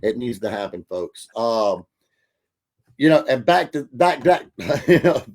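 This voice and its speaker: Excitable podcast host man, lots of fillers. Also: medium pitch, unhurried. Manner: hyped, filler-heavy, reads out viewer comments. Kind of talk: casual podcast chat.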